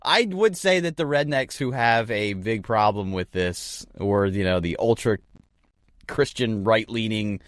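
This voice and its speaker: A man's voice: lowish voice, unhurried, no echo, studio quality. A man co-hosting a casual podcast, rambling through jokes and riffs, calling his partner man and dude. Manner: rambling, riffs with jokes and bits of mock voices. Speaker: podcast co-host.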